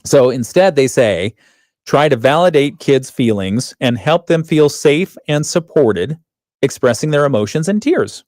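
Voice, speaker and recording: A man's voice: mid-range voice, animated, unhurried, darkish tone, no echo. A man hosting a radio morning show, chatting and laughing often as he reads out headlines in a studio. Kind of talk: casual radio banter. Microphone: studio microphone.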